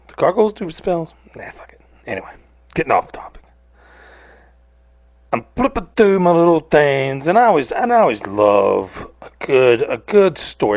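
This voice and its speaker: Rambling profane man with a gravelly voice. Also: mid-range voice, no room sound. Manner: rambling, profane, self-mocking. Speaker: podcast host. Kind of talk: casual rant.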